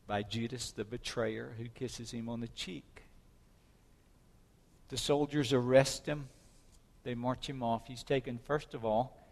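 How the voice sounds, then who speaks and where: Preacher man in a reverberant hall. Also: mid-range voice. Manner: storytelling, dramatic retelling with swelling emphasis. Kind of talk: sermon.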